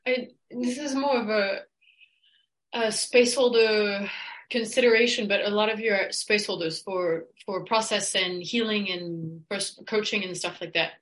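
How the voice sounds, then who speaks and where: A woman in an online study group, sharing a coaching experience with thoughtful, halting phrasing. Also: medium pitch, fairly bright tone, echoey room, rough recording. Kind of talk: casual group discussion.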